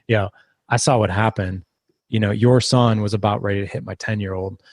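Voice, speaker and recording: Low-voiced man telling a story. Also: a little fast, no room sound. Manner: rambling, restarts, animated when quoting. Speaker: podcast guest. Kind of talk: casual storytelling interview.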